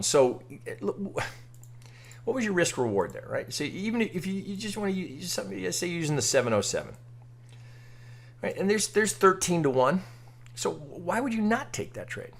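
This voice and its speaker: A man's voice: on the high side, big pitch swings, moderate pace. A man teaching chart trading in a casual, blunt way, asking rhetorical questions and cursing now and then. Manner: casual, rhetorical, peppers talk with "right?" and mild cursing. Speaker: trading educator. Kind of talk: screen-recorded chart walkthrough.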